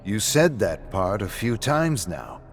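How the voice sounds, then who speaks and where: A man voicing a calm, probing pub owner who needles an old friend in a dry, measured way. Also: lowish voice, creaky, soft background music, exaggerated voice. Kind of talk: audiobook-style story reading.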